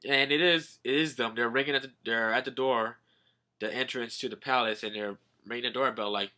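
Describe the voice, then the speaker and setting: A man's voice: mid-range voice, steady tone, moderate pace, bright, forceful tone. A young man casually recapping a comic, rambling with "all like" quotes and swearing. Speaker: manga reviewer.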